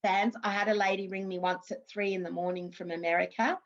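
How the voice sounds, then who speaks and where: Fairly quick and with fairly even intonation, a mid-range female voice tells casual anecdotes in an interview, with the highs cut off. She is a former TV actress from Australia in her fifties who frequently restarts her sentences.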